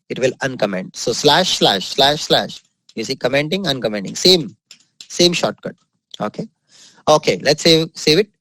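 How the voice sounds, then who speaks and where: A man's voice: a little high, a bit bright, dry recording, rough recording. Upbeat Indian-accented male coding tutor. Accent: Indian English. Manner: upbeat, drops frequent exclamations of praise; repeats key points, spells out acronyms. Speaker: software trainer. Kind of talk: screen-recorded coding tutorial.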